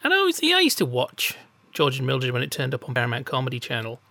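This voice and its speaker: Bright-voiced wry man. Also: medium pitch, huge pitch swings, fast, vocal fry, dry recording. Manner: wry, sardonic, dry humour. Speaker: podcast co-host. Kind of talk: casual chat.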